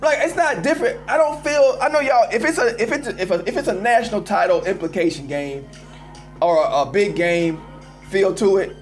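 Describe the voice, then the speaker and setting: High-voiced man ranting animatedly. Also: fairly quick, soft background music. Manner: animated, emphatic, addresses listeners as y'all. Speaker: host of a live call-in show. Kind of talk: casual sports rant.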